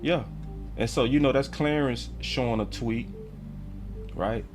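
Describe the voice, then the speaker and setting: A man's voice: medium pitch, a little slow, soft background music. A man hosting a livestream sports commentary show, talking in a heated, emphatic way full of slang.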